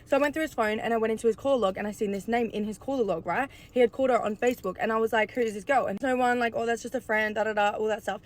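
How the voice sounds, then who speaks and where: A woman's voice: a little high, fairly even intonation. A woman casually telling a personal story in a chatty storytime, full of fillers and swearing. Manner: rapid, chatty, peppered with "like" and swearing. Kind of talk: casual storytime while getting ready.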